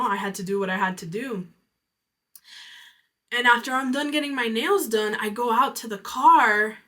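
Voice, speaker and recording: A woman's voice: on the high side, pushed and bright. A woman hosting a podcast, telling a personal story in a candid, reflective way with casual fillers. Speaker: podcast host.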